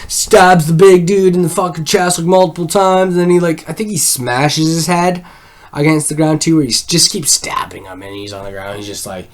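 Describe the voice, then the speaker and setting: A film reviewer with a somewhat high voice and moderate pace casually recaps a movie. He rambles, curses a lot, and leans heavily on "like" as filler.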